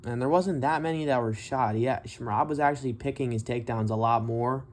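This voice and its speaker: A man's voice: medium pitch, brisk. A man giving casual, profane commentary on a fight, blunt and mocking as he rants. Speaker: MMA commentary vlogger.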